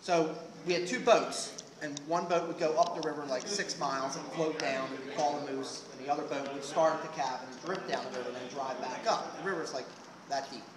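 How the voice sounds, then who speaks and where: A man's voice: fairly high pitch, steady tone, brisk, roomy sound, a crowd in the background. A man telling a comic story live, rambling with many fillers and restarts.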